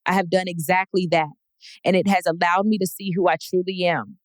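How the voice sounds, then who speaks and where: A woman's voice: lowish voice, fairly even intonation, fairly quick, no room sound. A woman in her twenties, a podcast host, reading heartfelt letters to her younger self aloud, tearful and affirming. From Texas.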